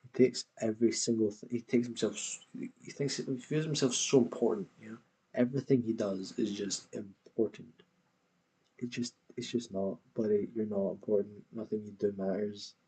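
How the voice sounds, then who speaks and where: A man's voice: lowish voice, fairly even intonation, normal speed, mellow, slightly rough, rough recording. A man hosting a reaction video, talking back at a clip with scornful, swearing commentary.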